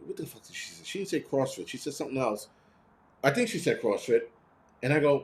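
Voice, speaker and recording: A man hosting a live stream, chatting casually and reading viewer comments, ranting bluntly with lots of swearing and quick imitations of other people. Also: fairly high pitch, expressive. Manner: mimics others in quoted voices.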